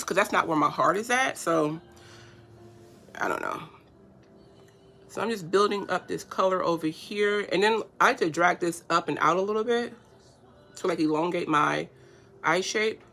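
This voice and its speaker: A bright-toned woman hosting a live makeup stream from home. She is chatty and easily touched as she answers viewers' comments. Her voice comes through a phone's front camera, close and personal. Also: fairly low pitch. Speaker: beauty livestream host. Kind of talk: casual livestream chat while doing makeup.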